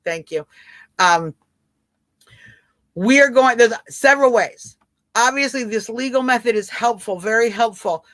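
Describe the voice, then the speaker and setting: A woman's voice: a little high, measured pace, long pauses, fairly bright tone, dry recording. A woman with a Southern twang hosting a live stream, chatting casually and answering viewers by name in an emphatic way. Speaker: livestream host.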